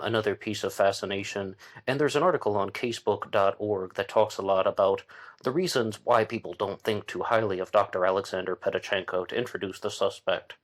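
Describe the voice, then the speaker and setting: A man hosting a casual true-crime talk, thinking aloud with fillers and restarts as he goes. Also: on the low side. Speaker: podcast host.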